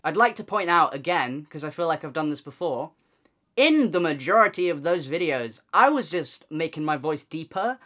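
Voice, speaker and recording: A man's voice: fairly high pitch, lively intonation, moderate pace, bright, forceful tone. A young man vlogging in a casual, candid and self-deprecating way, chatting straight to camera.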